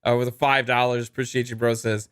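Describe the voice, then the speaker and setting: A man's voice: mid-range voice, flat delivery, fast talker, a bit bright, smooth, no room sound, studio quality. Laid-back man reading super chats. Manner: laid-back, laughs easily, many ums and uhs. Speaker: podcast co-host. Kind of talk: casual podcast chat reading super chats.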